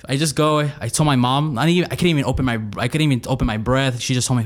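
A man's voice: medium pitch, fast talker. A young man telling a funny personal story in a casual, rambling way, with lots of restarts. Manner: rambling, many restarts, animated retelling. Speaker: storyteller guest.

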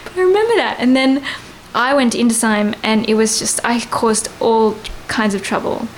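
A woman's voice: a little high, normal speed, a little hiss or hum, low-quality recording. A woman in her thirties, a guest telling a rambling story in casual chat and laughing often. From Australia.

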